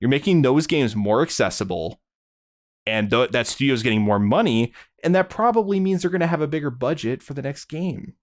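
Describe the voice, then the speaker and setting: A man's voice: mid-range voice, lively intonation, brisk. A man co-hosting a podcast, talking casually and rambling with many restarts and fillers. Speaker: podcast co-host. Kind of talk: casual chat.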